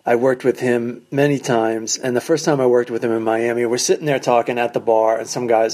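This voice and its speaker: Wry, profane comedian telling road stories. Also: male voice, mid-range voice, a little fast. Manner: animated, acts out quoted people in raised voices. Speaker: stand-up comedian, podcast host. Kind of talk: casual storytelling monologue. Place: basement of a condo.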